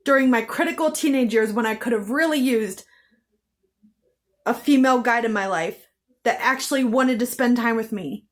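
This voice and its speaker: Woman vlogger, fairly high voice, raw and heated personal storytelling with heavy swearing. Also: normal speed. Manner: intense, bitter, heavy swearing; repeats phrases for emphasis.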